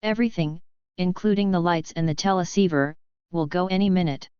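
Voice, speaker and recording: A blunt young cadet engineer, as a woman narrator reads him in a space adventure audiobook. He speaks grimly and plainly. The voice is clear and lowish, on a dry, muffled recording. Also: a little fast, no echo, close to an everyday voice. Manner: grim, blunt.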